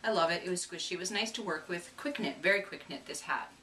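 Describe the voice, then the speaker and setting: A fast-talking woman with a lowish, bright, forceful voice and expressive delivery co-hosts a casual knitting podcast. She's chatty and self-deprecating and getting over a cold. Faint room noise comes through a distant mic.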